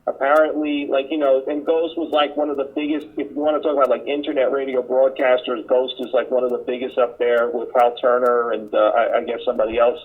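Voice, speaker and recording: A man's voice: mid-range voice, level tone, a little fast, few pauses, breathy edge. A man on an internet talk show who rambles, packing his talk with "you know" and "listen". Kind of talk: casual talk radio chat. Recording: tinny phone line.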